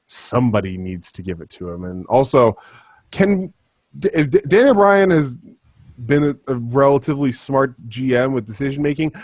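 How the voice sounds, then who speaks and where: A man's voice: mid-range voice, lively intonation, normal speed, a little mellow, no echo. Impassioned ranting man, dry mic. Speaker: podcast guest. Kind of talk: casual wrestling chat.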